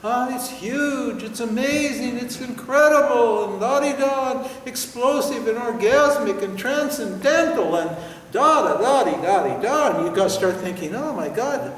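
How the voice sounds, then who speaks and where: An older man giving a spiritual teaching at a seminar, telling stories in an animated way with laughter and swearing. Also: very high-pitched, measured pace. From United States. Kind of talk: seminar talk. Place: large hall with audience. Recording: echoey hall, voice from far off.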